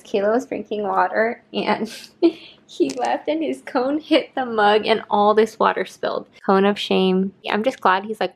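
A woman's voice: mid-range voice, gravelly. A young woman in her twenties chatting in a casual home vlog, cooing baby talk to her dog. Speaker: vlogger. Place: home, indoors.

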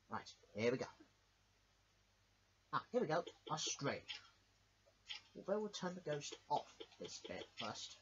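A man's voice: medium pitch, big pitch swings, normal speed, pauses often, bright, forceful tone, husky. A man hosting a casual retro gaming video, easygoing and full of fillers. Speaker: channel host. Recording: dull lo-fi with game music.

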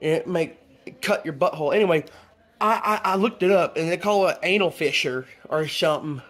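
A man's voice: on the high side, brisk, a bit bright. A man playing a rambling conspiracy guy. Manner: rambling, stumbling restarts, preachy. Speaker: comedy vlog character. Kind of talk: improvised comedy monologue.

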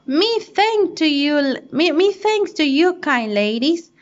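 A woman voicing an excitable little male monkey sailor in a squeaky, exclaiming voice for a read-aloud storybook. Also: slow, exaggerated voice. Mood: excited. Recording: dull lo-fi audio.

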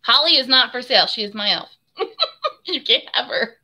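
A woman's voice: on the high side, lively intonation, moderate pace, bright, forceful tone. A woman hosting a live giveaway stream of her handmade soaps. She talks in a chatty, friendly way, calls viewers hon and my friend, and laughs often. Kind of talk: casual live stream chat.

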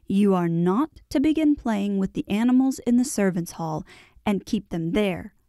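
A woman's voice: mid-range voice, expressive, normal speed, mellow, dry recording, clean studio sound, lightly acted. A woman voicing an imperious young boy who gives haughty, lordly commands in a storybook reading. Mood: commanding.

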